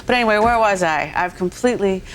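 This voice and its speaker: A woman's voice: mid-range voice, fast, a little hiss or hum. A woman in her forties, a guest actress on a talk show, telling rambling anecdotes with self-deprecating laughs.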